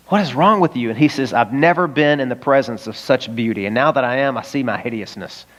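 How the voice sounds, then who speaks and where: In a church service held in a high school auditorium, a pastor preaches a sermon in a slightly high voice, talking casually and putting frequent rhetorical questions to the congregation. The audio is dull.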